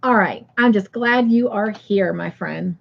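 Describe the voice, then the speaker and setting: A woman's voice: mid-range voice, unhurried, creaky, muffled recording. A woman hosting a casual livestream, chatting affectionately with viewers and reading out their comments. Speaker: livestream host.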